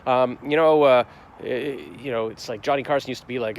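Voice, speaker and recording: A man's voice: medium pitch, fairly even intonation, fairly quick. Rambling man recapping his day. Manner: rambling, reflective, with many fillers and restarts. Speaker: vlogger. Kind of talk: casual daily vlog recap. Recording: faint street noise outdoors.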